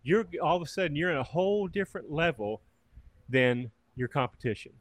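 A man's voice: fairly high pitch, animated, a little fast, dry recording. A man on a casual podcast, emphatically laying out business advice point by point. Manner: emphatic, lays out points step by step.

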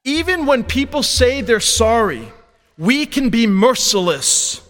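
A male priest with a high, very animated voice reads the Gospel and moves into his homily. He speaks slowly and deliberately, leaning on rhetorical questions. His words ring out with the long echo of a big church. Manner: slow, expressive preaching with rhetorical questions. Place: large church.

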